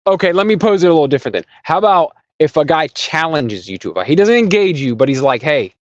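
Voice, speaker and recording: A man co-hosting a casual podcast, talking freely and acting out angry people in quick quotes. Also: fairly high pitch, very animated, no room sound. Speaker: podcast co-host. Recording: dry, dull lo-fi sound.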